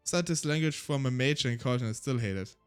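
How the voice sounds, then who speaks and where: A man's voice: medium pitch, fast talker, clear, resonant tone, soft background music. A man with a German accent, a native German speaker, chatting casually on a solo stream in a rambling, self-deprecating way.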